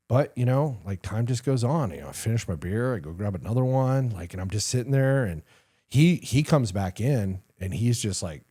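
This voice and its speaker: A middle-aged retired army sergeant major telling war stories in a casual interview, animated and profane, with lots of "like" and "you know.". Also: male voice, lowish voice, slightly rough.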